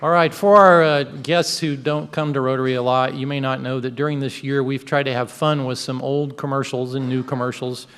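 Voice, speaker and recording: Brief: male club president, upbeat announcements, mid pitch, long hall reverb. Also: level tone, fairly quick, few pauses, a bit bright, a faint crowd, slight background noise. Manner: upbeat, joking. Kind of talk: meeting announcements.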